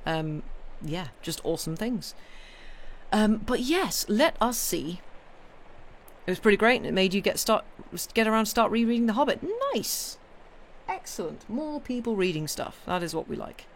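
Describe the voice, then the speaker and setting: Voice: mid-range voice, animated, moderate pace, a little hiss or hum. A British-accented streamer chatting casually with viewers, rambling with many fillers and restarts. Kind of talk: casual live-stream chat.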